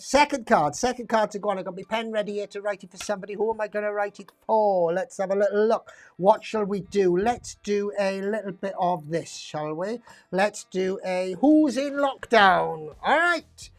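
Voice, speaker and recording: A woman runs a live online pub quiz, chatting and rambling between questions and laughing at her own asides. Her voice sits at an ordinary middle pitch, with faint music playing behind her. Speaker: quiz host.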